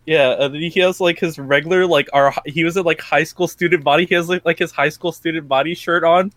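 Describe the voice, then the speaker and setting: A man's voice: on the high side, brisk, no room sound. Laughing young man telling a story. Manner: animated, laughing often, swearing. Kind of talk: casual storytelling among friends.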